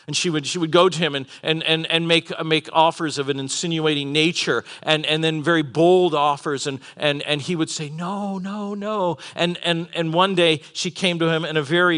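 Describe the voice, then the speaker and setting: Bright-voiced man preaching a lively sermon. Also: mid-range voice. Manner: animated storytelling, acts out characters. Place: conference hall with live audience.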